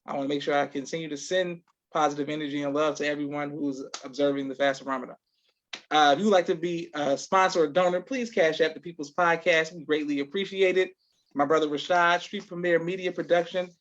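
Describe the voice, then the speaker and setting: Male podcast host, brisk sponsor reads, slightly high voice, dull lo-fi sound. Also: steady tone, fairly bright tone. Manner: affirming, brisk announcer-like delivery.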